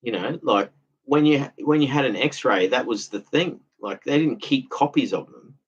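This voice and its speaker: In dull lo-fi audio, a man with a slightly rough, mid-range voice talks at a moderate pace. The vlogger's casual monologue is aggrieved and meandering, looping back over the same points.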